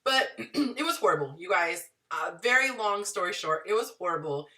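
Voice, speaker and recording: Chatty, bright-voiced woman telling a story. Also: fairly low pitch, moderate pace, far from the mic. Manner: chatty, animated, addresses viewers directly. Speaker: dating and relationship advice vlogger. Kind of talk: casual storytelling to viewers.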